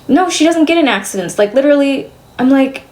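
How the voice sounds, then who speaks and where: A woman's voice: high-pitched, lively intonation, brisk, a little mellow. A young woman streamer venting to her chat, exasperated and swearing as she rambles.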